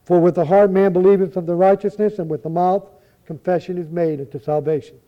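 High-voiced man reciting scripture solemnly. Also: steady tone. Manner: measured, solemn reading with occasional stumbles. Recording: dull lo-fi recording.

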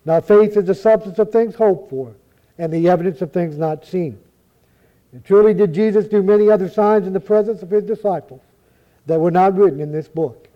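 A man with a high voice recites scripture at a measured, solemn pace. He sometimes stumbles over a word and goes on. The recording sounds dull and lo-fi.

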